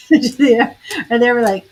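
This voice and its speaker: A woman's voice: a little high, slow, a little mellow, low-quality recording. A woman tarot reader and psychic medium chatting on a livestream, laughing often and greeting viewers by name. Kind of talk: casual livestream chat.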